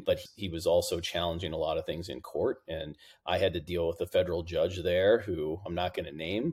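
Husky-voiced man telling stories. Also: low voice. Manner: animated anecdotal, acts out quotes. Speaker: podcast guest, former prosecutor. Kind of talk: interview storytelling.

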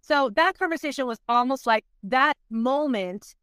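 A woman's voice: sits high, lively intonation, normal speed, fairly bright tone, smooth, dry recording, studio quality. A woman guest on a podcast, candidly telling her story in conversation, often saying "like" and acting out what people said. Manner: candid, fills speech with "like", acts out past quotes.

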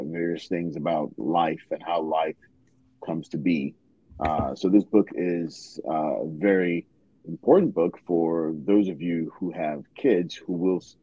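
A man hosting a podcast, recommending a book in a halting way with many pauses. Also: low-pitched, warm tone, husky, no room sound, highs cut off. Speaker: podcast host.

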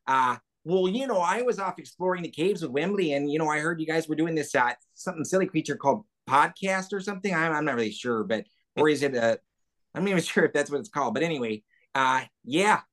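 A man's voice: fairly high pitch, expressive, fast talker, a bit bright, pitched above the performer's own voice. A man voicing a cheerful young male cave creature in a Canadian accent, talking in a friendly, rambling, easygoing way. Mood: chatty.

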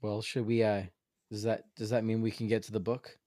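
A man with a somewhat low voice co-hosts a casual podcast chat, reading out dad jokes and stumbling over his words with a wry edge. The sound is dry and close. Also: completely flat delivery, mellow, dry recording. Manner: halting, self-interrupting, wry. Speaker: podcast co-host.

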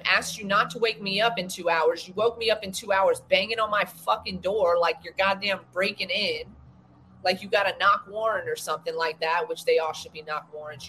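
A woman's voice: mid-range voice, fairly bright tone, a little hiss or hum, low-quality recording. Profane ranting woman in her forties. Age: 40s. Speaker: podcast co-host. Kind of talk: casual storytelling chat.

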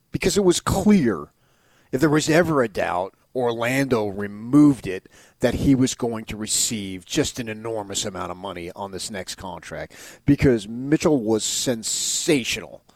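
A man's voice: lowish voice, no room sound. Rambling, emphatic male sports talk host. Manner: rambling, emphatic, frequent restarts.

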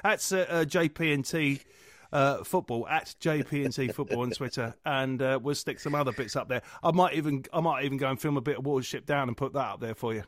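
A man, co-hosting a casual podcast chat over a video call, telling jokes and laughing loudly at them. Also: medium pitch, fairly quick. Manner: jokey, laughs loudly at his own gags. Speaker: podcast co-host. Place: home.

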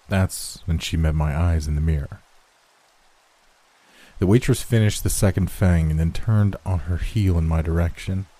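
Deep, husky horror narrator. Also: male voice. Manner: measured, steady storytelling.

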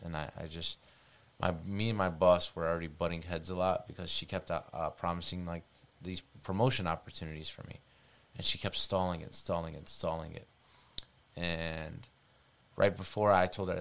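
Gravelly low-voiced man telling a story. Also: brisk. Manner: animated, profane, repetitive. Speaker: podcast guest. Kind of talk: casual storytelling.

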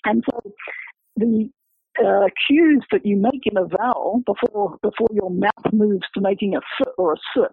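A man, a researcher, explaining his book's findings in an academic, halting way, full of repeated words and fillers. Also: sits high, vocal fry, slightly rough, dry recording. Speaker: researcher discussing his book. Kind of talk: explanatory interview talk. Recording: dry, phone-like radio line.

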